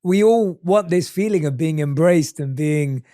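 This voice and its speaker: Calm guy interviewing, gentle questions, mellow, dry sound. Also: on the high side, measured pace, no room sound. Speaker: host.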